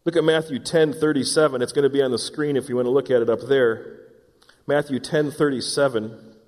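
A man's voice: mid-range voice, fairly even intonation, fairly quick, a little mellow. A man preaching a sermon in an earnest, dramatic way, reading scripture aloud and acting out voices. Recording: long hall reverb.

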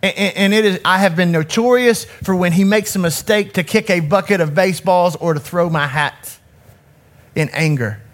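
His voice sits high and moves at a normal speed. He's a youth ministry director in his forties, speaking candidly and self-critically to an audience through a handheld mic, often breaking off to restart what he's saying.

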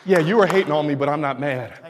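A man preaching a sermon with call and response, dropping low and quiet, then building up to shouting. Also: fast, crowd noise. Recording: long hall reverb.

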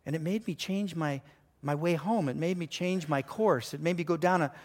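A man preaching a sermon, telling a story with lively delivery, sometimes dropping to a hushed voice for emphasis. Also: fairly high pitch, normal speed. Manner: animated storytelling, acts out voices and sounds. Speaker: pastor.

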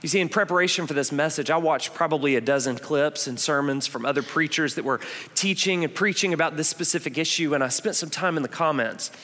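A man's voice: fairly high pitch, quick pace, bright, forceful tone. A man in his thirties preaching a sermon as a pastor, telling stories in a conversational way and stressing points with repetition. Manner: conversational storytelling, emphatic repetitions. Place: church auditorium. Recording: long reverb of a church hall.

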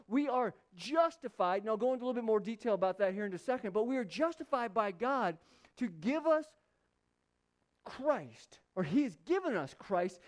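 Guy preaching, pretty high voice, says stuff twice to drive it home. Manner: emphatic, repeats key lines for stress. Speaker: pastor. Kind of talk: sermon.

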